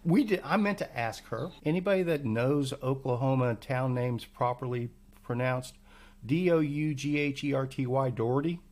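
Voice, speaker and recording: A man hosting a podcast over a remote call, asking questions in a casual, halting way with restarts. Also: medium pitch, darkish tone. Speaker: podcast host. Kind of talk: casual chat.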